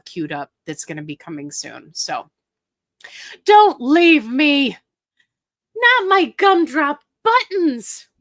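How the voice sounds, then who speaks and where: A woman's voice: medium pitch, sharp tone, dry recording. Chatty woman hosting a livestream. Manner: chatty, laughs often, talks straight to viewers. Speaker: host of a livestream. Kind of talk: casual live chat answering viewer questions.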